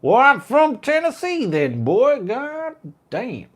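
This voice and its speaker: A man putting on a loud, exaggerated southern American country drawl as a joke. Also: very high-pitched, huge pitch swings, takes it slowly, pitched above the performer's own voice, exaggerated voice. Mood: mocking.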